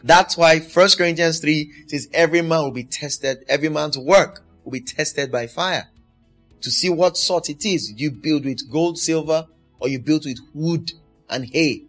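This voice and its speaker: Male preacher, emphatic and repetitive delivery, slightly high pitch; soft music bed. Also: a little slow. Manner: emphatic, repeats exhortations. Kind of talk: sermon.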